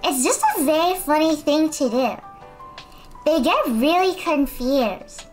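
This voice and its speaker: Giggly high-voiced young woman streamer. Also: a little slow, faint music behind. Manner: giggly, chatty, fills silence with talk. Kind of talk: casual stream chat.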